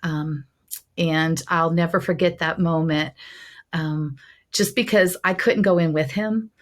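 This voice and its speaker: Middle-aged woman, lowish voice, earnest and heartfelt; a guest giving her testimony. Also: steady tone, unhurried. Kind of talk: personal testimony in an interview.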